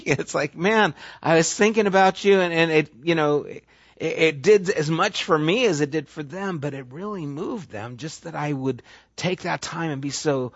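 A man's voice: a little high, normal speed, dry recording. A man preaching a sermon in an easy, talky way. He slips into little acted-out voices for the people he quotes. The sound is dry and a bit dull, like a lo-fi recording. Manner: conversational, animated, acts out quoted voices. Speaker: pastor.

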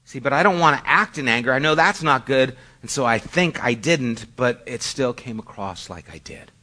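Medium in pitch yet expressive, pushed and bright, this man speaks at a moderate pace. He's a middle-aged pastor giving a sermon through conversational storytelling and making fun of himself.

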